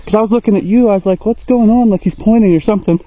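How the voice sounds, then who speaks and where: A man on a hunt, reacting excitedly and quickly to what just happened. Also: high voice. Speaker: hunter. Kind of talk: casual outdoor chat. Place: outdoors in rural fields. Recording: dull outdoor audio, faint field noise. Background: crickets and insects.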